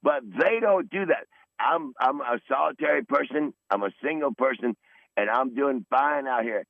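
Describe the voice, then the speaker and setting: A man's voice: medium pitch, normal speed, gravelly, dry recording. A man in his sixties, calling into a podcast, telling rambling profane stories in a combative, boastful way. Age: 60s. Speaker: regular caller on a podcast. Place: in his van. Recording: tinny phone line.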